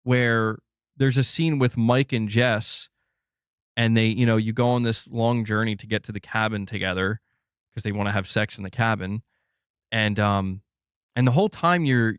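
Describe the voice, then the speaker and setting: A man hosting a gaming channel, reviewing a game in a casual livestream, rambling and excitable, swearing freely. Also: fairly low pitch, smooth, no room sound, studio quality.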